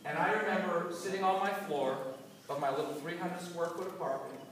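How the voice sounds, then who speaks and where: A man gives a motivational talk and tells his story with animated emotion, his voice pitched high. He is recorded from far off in a large hall full of reverb, with faint room noise behind him. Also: fairly quick. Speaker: motivational business speaker.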